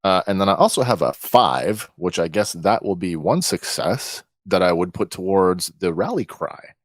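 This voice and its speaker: A man playing a tabletop role-playing game, calm and methodical, with joking asides. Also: sits low, moderate pace, no room sound. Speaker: player.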